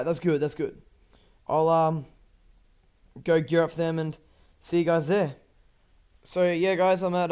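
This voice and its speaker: A man's voice: a little high, darkish tone, smooth, highs cut off. A teenage boy with an Australian accent, rambling casually over gameplay with lots of ums, restarts and swearing. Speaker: gaming YouTuber.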